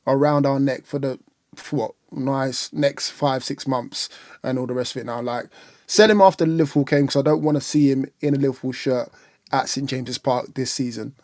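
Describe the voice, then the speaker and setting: A man's voice: mid-range voice, normal speed, dry recording. Blunt ranting man, dry sound. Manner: blunt, animated ranting with mocking impressions. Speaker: fan channel co-host. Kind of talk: casual livestream football chat.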